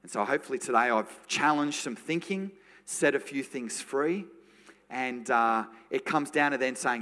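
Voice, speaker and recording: A man preaching a sermon to a congregation, telling a lively personal story and then slipping into soft, prayerful tones. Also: a little high, moderate pace. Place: church. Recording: long reverb of a church hall.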